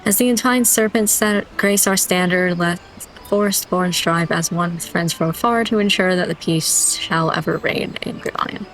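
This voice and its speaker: A woman's voice: fairly low pitch, moderate pace, a bit bright, faint music behind, poor audio. A woman reading a formal military officer's oath ceremony aloud from a game, in a stately, solemn way.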